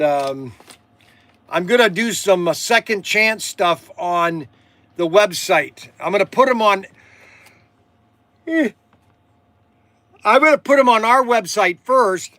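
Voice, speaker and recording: A middle-aged man chats on a livestream in a high, bright voice, telling a rambling story full of restarts and fillers. The sound is dry and close. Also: expressive, takes it slowly, pauses often, dry recording. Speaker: livestream host and shop owner. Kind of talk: casual livestream chat.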